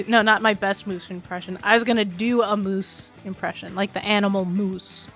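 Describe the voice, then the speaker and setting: A woman streamer rambles casually to her chat, quick to laugh and full of asides. Her voice sits in a middle register. Faint music runs underneath. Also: mid-range voice, a bit bright.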